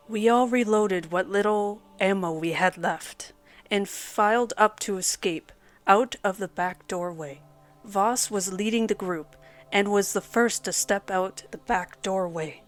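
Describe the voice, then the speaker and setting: A woman reading a scripted horror story aloud as its narrator, in a steady storytelling delivery. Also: medium pitch, a little slow, faint music behind.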